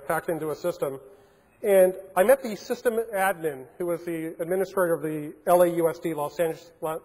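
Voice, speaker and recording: A man giving a storytelling keynote talk to a conference, animated, with frequent restarts. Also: fairly high pitch. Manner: animated, acts out phone calls in changed voices, frequent restarts. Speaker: keynote speaker. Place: large conference hall. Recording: long hall reverb.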